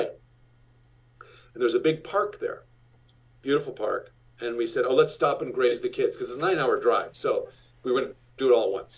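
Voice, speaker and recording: Older man telling a story, distant and dull. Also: mid-range voice. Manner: rambling, restarts, lively voiced-out quotes. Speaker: actor guest recalling his TV show. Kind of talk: animated anecdotal storytelling.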